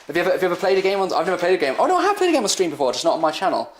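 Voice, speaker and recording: Host, chatty and self-deprecating, lively delivery, roomy sound. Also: medium pitch, racing. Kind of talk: casual chat during a tabletop game stream. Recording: roomy echo.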